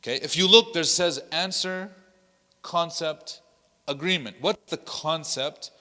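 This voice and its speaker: An imam leads a workshop with a bright, forceful voice, telling stories with energy and slipping Arabic phrases into his talk. He is recorded in the hall of an Islamic center, where the sound rings with a long reverb. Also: a little high, a little slow. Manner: animated, acts out quotes in other voices. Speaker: imam leading a dawah workshop. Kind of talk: workshop teaching with told stories.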